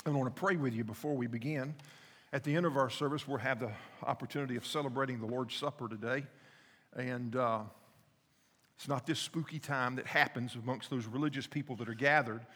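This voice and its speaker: A man's voice: medium pitch, fairly bright tone, husky, long reverb tail. A male pastor preaching a sermon, earnest and speaking directly to his congregation. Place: church service.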